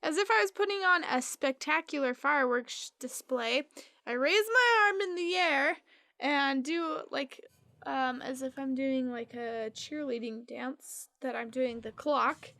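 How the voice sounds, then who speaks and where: A woman playing in a tabletop game, lively and theatrical when describing her moves. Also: high voice, a little slow, no room sound. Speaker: player. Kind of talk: casual tabletop play.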